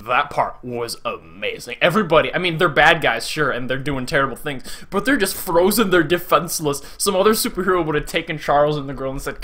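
Excitable bright-voiced man reviewing a film. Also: on the high side, a little fast. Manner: animated, gushing, acts out quotes in voices. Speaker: YouTube movie reviewer. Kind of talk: excited casual movie review.

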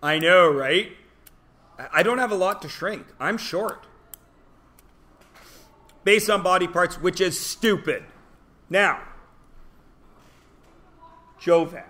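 A man's voice: high-pitched, slow, long pauses, pushed and bright. A male teacher giving a joking, self-deprecating classroom lecture to his students.

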